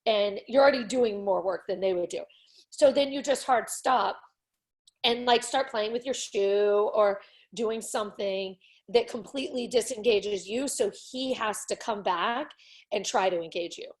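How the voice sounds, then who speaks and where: A woman's voice: mid-range voice, a little slow. A woman coaching a parent through play strategies, talking casually and acting out little scenes. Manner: encouraging, acts out scenes with playful voices. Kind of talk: coaching conversation.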